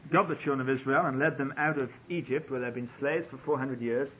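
Man, sermon, storytelling preacher, muffled old radio sound, faint rumble. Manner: storytelling, acting out quoted pleas.

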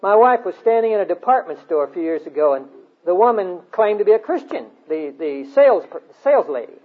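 Male preacher, earnest exhorting sermon, husky voice, phone-line audio. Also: sits high, big pitch swings, brisk. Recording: tinny phone-like sound.

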